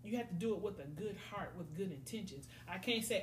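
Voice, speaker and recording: A woman's voice: mid-range voice, a little fast, few pauses. A middle-aged woman, chatting on a podcast and acting out her friends' voices as she tells stories. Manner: animated storytelling, acts out friends' voices. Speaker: podcast host. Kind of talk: casual podcast chat. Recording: echoey room, faint noise.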